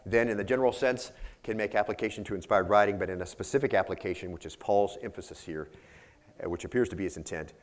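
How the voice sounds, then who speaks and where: Man preaching an earnest sermon. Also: lowish voice. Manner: earnest teaching with frequent fillers and rhetorical questions. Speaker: pastor.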